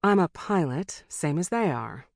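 A woman's voice: low voice, lively intonation, a little slow, gravelly, dry recording, clean studio sound, heavily acted. A narrator voicing a famous woman pilot, frank, direct and breezy. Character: famous woman pilot, blunt and plain-spoken. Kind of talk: audiobook character voice.

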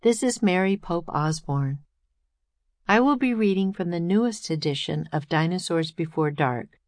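A woman, the author, reading her own children's book aloud in a gentle, expressive storytelling manner. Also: on the low side, normal speed, dry recording, clean studio sound. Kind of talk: children's audiobook narration.

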